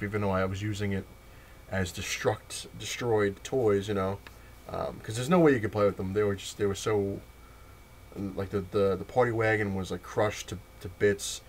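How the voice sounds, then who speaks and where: A vlogger tells a long childhood story in a rambling, wry manner, frequently restarting, using fillers, and laughing dryly. His voice is fairly low, with a slight hiss or hum in the recording.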